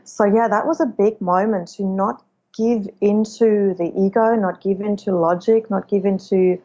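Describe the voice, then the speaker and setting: A woman's voice: mid-range voice, dark tone, highs cut off. A woman guest on a podcast, telling personal stories in a reflective, spiritual way. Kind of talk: personal storytelling in conversation.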